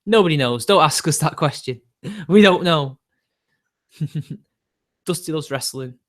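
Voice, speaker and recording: A man live-streaming and answering his chat in a rambling way, quickly getting riled and swearing. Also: on the high side, lively intonation.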